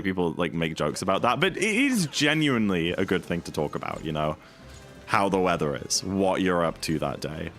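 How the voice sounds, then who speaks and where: Male streamer, deep voice with lively inflection, casual filler-heavy chat over quiet music. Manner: rambling, filler-heavy, playful asides. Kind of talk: casual chat while speedrunning.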